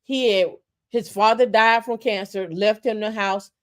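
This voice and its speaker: Here a podcast co-host with a medium-pitched, steady voice talks a little slowly. Her casual opinion talk turns into a passionate rant, with phrases repeated for emphasis and restarts whenever she gets worked up.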